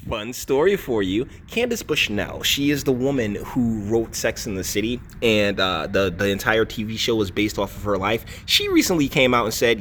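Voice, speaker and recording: A man's voice: sing-song, normal speed, hardly any pauses, fairly bright tone, a little hiss or hum. A man hosting a reaction commentary, mocking and retorting over a clip he plays. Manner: mimics women in a high squeaky voice. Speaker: commentary channel host.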